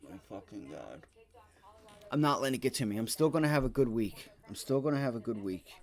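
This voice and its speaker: A man commenting live on his trades during a stock trading stream, swearing often and rambling. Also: fairly low pitch. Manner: profane, excitable, rambling. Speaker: livestream day trader.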